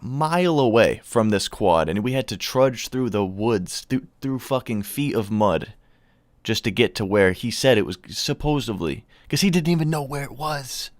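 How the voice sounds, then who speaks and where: A man's voice: fairly low pitch, no room sound, studio quality. A young man telling a long story in casual vlog style, rambling and swearing, laughing at his own tale. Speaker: vlogger.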